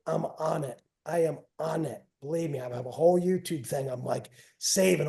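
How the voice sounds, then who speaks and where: A middle-aged man with a fairly high, mellow voice. He tells stories casually as a guest, rambling, repeating phrases and trailing off at the ends of thoughts. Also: brisk, creaky, hardly any pauses. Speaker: guest, wrestling coach and father. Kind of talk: casual storytelling.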